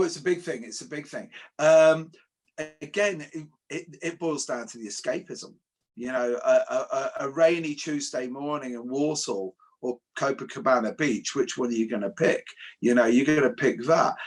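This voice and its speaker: A man's voice: medium pitch, moderate pace, slightly rough. An Englishman co-hosting a casual panel chat, wry and jokey, stammering when he restarts. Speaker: co-host.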